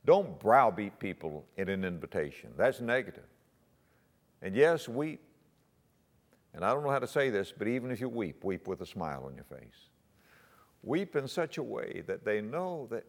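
Lively-voiced preacher in a reverberant hall. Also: male voice, medium pitch. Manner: earnest, exhorting, rises to emphatic peaks. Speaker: pastor. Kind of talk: teaching sermon.

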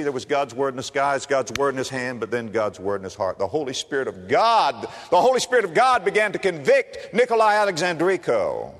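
A male pastor preaching a sermon in a church, telling a story with swings from hushed prayer to shouted climaxes. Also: low voice. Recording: long hall reverb.

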